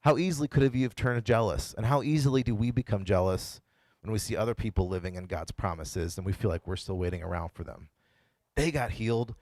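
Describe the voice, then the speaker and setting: A man's voice: on the low side, brisk, darkish tone, no room sound. A man pastor giving a casual, conversational sermon and retelling the story in his own words. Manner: conversational, playfully voices the characters he quotes.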